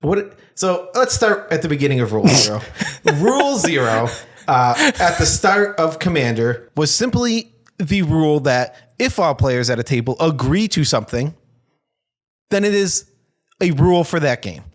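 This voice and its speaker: A man's voice: a little high, big pitch swings, normal speed. A man hosting a casual comedic chat, teasing his co-hosts and laughing often. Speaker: podcast host.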